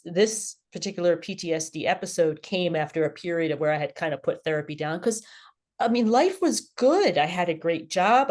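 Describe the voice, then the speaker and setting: A middle-aged woman, a podcast guest, telling her personal story candidly and with animation. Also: fairly low pitch. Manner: candid, animated, laughs at herself.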